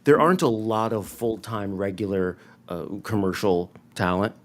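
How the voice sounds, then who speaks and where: A man co-hosting a casual chat, asking questions and speaking in a calm, measured way. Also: fairly low pitch. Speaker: co-host, commercial actor.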